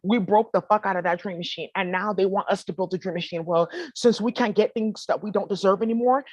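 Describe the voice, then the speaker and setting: A woman vlogger rambles straight to her viewers in a loose, casual monologue. Her talk is full of swearing and slang. Her voice sits at a middling pitch, and the recording is close and dry with no room echo. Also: fairly quick, hardly any pauses, darkish tone. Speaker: spiritual vlogger.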